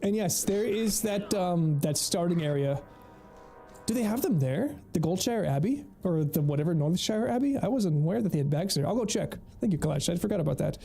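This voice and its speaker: Young dude streaming a game, kinda high voice but mellow, swears a lot, soft music underneath. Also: male voice, animated, brisk, vocal fry. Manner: laid-back, swearing, laughing often. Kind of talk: casual gameplay commentary.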